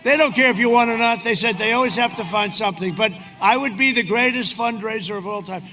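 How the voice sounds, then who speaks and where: A man giving a rambling, boastful rally speech outdoors in cold wind, often shouting to a crowd. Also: high voice, fast. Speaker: politician speaking at a rally. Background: large cheering crowd and wind.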